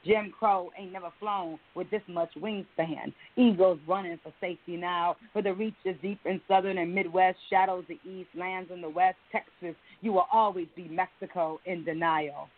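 A woman's voice: fairly low pitch, fairly even intonation, normal speed, hardly any pauses. Woman, poet, spoken-word reading and casual interview, rhythmic insistent delivery, chatty with fillers, tinny phone-quality line.

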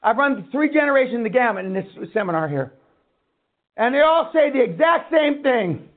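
High-voiced man ranting over a tinny line. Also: sing-song, moderate pace. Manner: blunt, swearing, ranting. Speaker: seminar speaker on radio. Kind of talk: profane motivational lecture.

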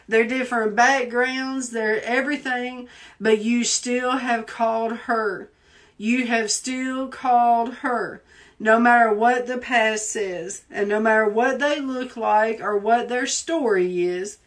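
A woman with a Southern accent, a preacher leading a fervent live prayer, repeating phrases for emphasis and holding back tears. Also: fairly high pitch. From Southern United States. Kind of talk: live prayer and prophetic exhortation.

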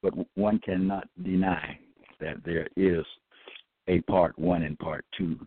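A man giving a halting religious teaching, full of fillers and restarts, who slows down and stresses each word when he quotes scripture. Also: sits low, steady tone, slightly rough, no room sound. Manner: emphatic, drawn-out scripture quoting. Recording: tinny phone-line audio, dry.

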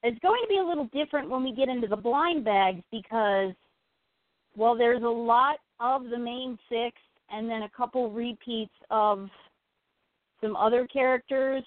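A woman's voice: fairly high pitch, moderate pace, no echo. Sleepy, yawning woman on a tinny line. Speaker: co-host of a toy collecting show. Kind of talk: casual chat. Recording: phone-like narrow audio.

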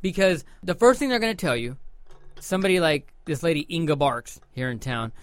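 A man's voice: on the high side, animated, brisk, dry recording. A man co-hosting a podcast, talking in a rambling, emphatic way and swearing freely. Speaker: podcast co-host. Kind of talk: casual profane chat.

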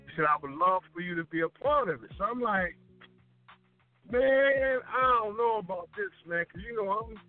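A man telling a casual story in chat, animated and acting out the voices of the people he quotes. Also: sits high, normal speed. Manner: animated, acts out quoted lines. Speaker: guest DJ. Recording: tinny phone-line sound with faint music.

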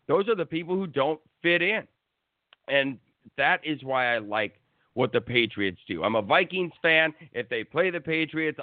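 A man's voice: a little high, no room sound. A man giving blunt, profane sports opinions in a casual talk-show rant. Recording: tinny phone-like line, dry.

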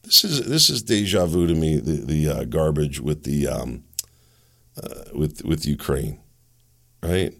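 A man's voice: extremely low pitch, expressive, measured pace, creaky, fairly bright tone. A middle-aged man hosting an opinion monologue, ranting sarcastically and laughing scornfully at his targets. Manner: ranting, sarcastic, mocking asides. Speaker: political commentary host.

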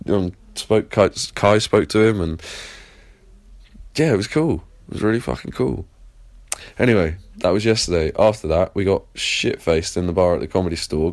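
A man's voice: low voice, no room sound. An English man from Plymouth rambling through a casual, sweary audio diary as host. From Plymouth, England. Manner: rambling, sweary, enthusiastic storytelling. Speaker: podcast host.

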